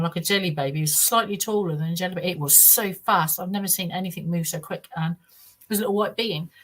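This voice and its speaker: A middle-aged woman, a guest on a podcast interview. She tells a first-person account earnestly, in a halting way with many restarts. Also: on the low side. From United Kingdom.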